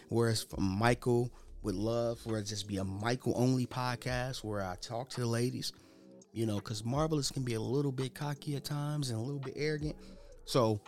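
A man's voice: medium pitch, darkish tone. A young man hosting his own podcast, talking unscripted in a loose, rambling, slangy way. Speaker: podcast host. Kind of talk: unscripted casual monologue.

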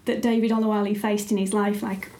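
A woman's voice: mid-range voice, level tone, quick pace, mellow, roomy sound, slight background noise. A woman, a writer and editor, chatting casually and thoughtfully with frequent ums. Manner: thoughtful, a little hesitant with many ums. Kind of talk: casual conversation.

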